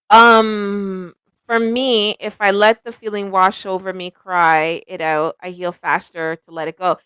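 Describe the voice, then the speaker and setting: A woman's voice: mid-range voice, fairly even intonation, slow, a bit bright, clear, resonant tone, dry recording. A middle-aged woman hosting a psychic livestream, chatting casually and rambling, laughing at herself often.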